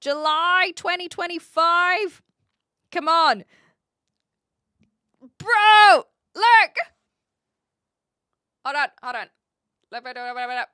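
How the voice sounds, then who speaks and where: Young kiwi woman streaming, chatty and animated, high bright voice, dry close sound. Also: unhurried, no echo. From New Zealand. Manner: chatty, animated, frequent fillers and restarts. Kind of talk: casual live-stream chat reading viewer messages.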